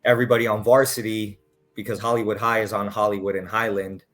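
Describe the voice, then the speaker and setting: A man's voice: lowish voice, quick pace. A man, a podcast guest, telling casual stories with lots of swearing and acted-out quotes. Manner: animated, profane, acts out quotes. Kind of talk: casual storytelling.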